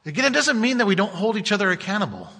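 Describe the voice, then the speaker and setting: Male pastor, high bright voice, a bit husky, earnest emphatic sermon, long reverb of a church. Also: sing-song, racing. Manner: earnest, emphatic preaching with repeated restarts.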